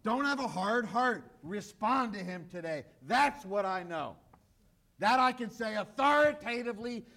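A man with a high voice delivers a sermon from the pulpit. He preaches urgently and with emphasis, driving home the same call over and over. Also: fairly bright tone. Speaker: pastor. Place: church, broadcast on radio and online.

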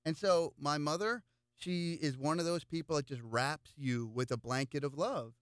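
Animated man telling stories, clear voice. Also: fairly high pitch, moderate pace, no room sound, clean studio sound. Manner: animated storyteller with frequent repeated words. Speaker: political candidate. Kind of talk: casual interview chat, storytelling.

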